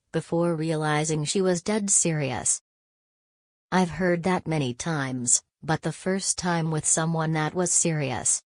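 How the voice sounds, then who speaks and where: A woman giving a scripted gossip recap in a steady, even read. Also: deep voice, no room sound. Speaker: celebrity gossip narrator. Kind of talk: scripted narration.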